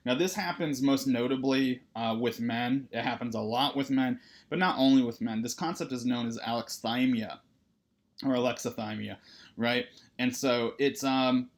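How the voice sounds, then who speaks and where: Therapist lecturing counseling students, medium-pitched male voice, relaxed and conversational, peppers his talk with "right?". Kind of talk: recorded lecture.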